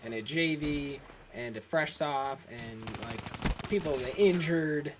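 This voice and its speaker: A man's voice: mid-range voice, takes it slowly, noisy background. A young man vlogging, telling a story in a rambling, casual way full of fillers like "like" and "um". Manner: rambling, filler-heavy, restarts often.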